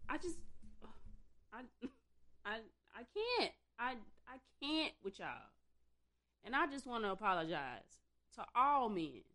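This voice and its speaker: A woman's voice: fairly high pitch, big pitch swings, takes it slowly, pauses often, pushed and bright. A woman ranting bluntly and profanely in a casual commentary, exasperated and swearing freely.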